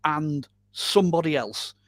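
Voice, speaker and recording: A man being interviewed as a guest, telling a long story in a casual, animated way with frequent "um"s and "you know"s. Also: on the high side, measured pace, no room sound. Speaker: guest storyteller on a paranormal podcast.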